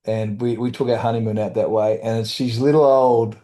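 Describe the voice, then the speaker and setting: Man telling his story, mellow voice. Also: on the low side, fairly even intonation. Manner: halting, with restarts and brief quoted voices. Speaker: guest, author and trauma survivor. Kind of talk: candid storytelling in conversation.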